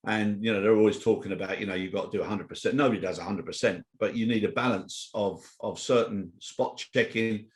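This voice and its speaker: A man's voice: on the low side, a little fast, hardly any pauses. A middle-aged man co-hosting a casual chat show, reading out news and telling anecdotes in a chatty way. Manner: chatty, storytelling, reads news headlines aloud. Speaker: co-host of a weekly chat show.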